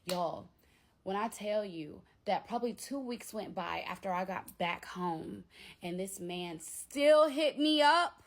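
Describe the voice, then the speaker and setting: Husky woman telling a storytime vlog. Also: medium pitch, normal speed. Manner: animated, profane, slangy storytelling to viewers. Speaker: vlog host. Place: home.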